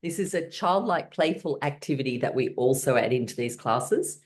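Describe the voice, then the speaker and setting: A woman's voice: very deep voice, expressive, moderate pace. A woman teaching a guided laughter exercise class, coaching her listeners in an encouraging, playful way.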